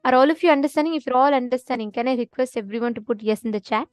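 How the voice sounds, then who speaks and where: A woman's voice: high voice, rapid-fire, dry recording. A woman leading a live online spiritual teaching session, explaining step by step and often asking if listeners follow. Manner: explanatory, often checking understanding with "correct?".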